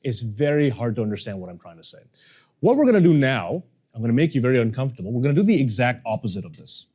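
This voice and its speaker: With a mid-range voice that has a breathy edge, a male communication coach talks fast through a workshop lesson on how to speak. He animatedly acts out the people he quotes.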